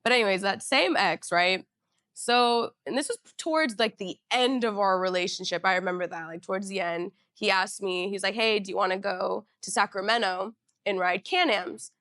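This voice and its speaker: A woman's voice: medium pitch, a bit bright, no room sound, studio quality. A young woman from Northern California hosting a podcast, telling a casual storytime in a chatty, slangy way full of "you know" and "you feel me.". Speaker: podcast host.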